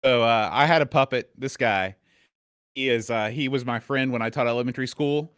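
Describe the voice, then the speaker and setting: A man in his thirties co-hosting a casual podcast chat, halting and full of ums and restarts. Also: mid-range voice, a bit bright, smooth, dry recording, clean studio sound. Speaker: podcast co-host.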